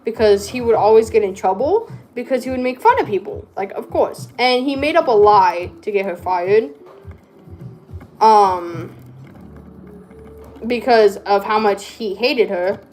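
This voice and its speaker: A woman's voice: mid-range voice, lively intonation, unhurried, a little mellow, faint music behind. A woman vlogger chatting casually while she crafts, rambling and cutting herself off. She has a speech impediment and struggles to say her R's. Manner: rambling, chatty, self-interrupting.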